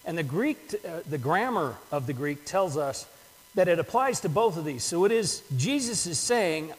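A man's voice: fairly high pitch, lively intonation, moderate pace, in a large hall, low-quality recording. An older man preaching a sermon in an earnest manner, often repeating words as he builds a point. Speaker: pastor.

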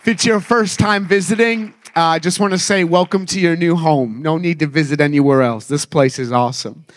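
A man's voice: a little high, brisk. Upbeat storytelling preacher man. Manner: upbeat, storytelling, self-mocking humor. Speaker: traveling evangelist. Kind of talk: sermon.

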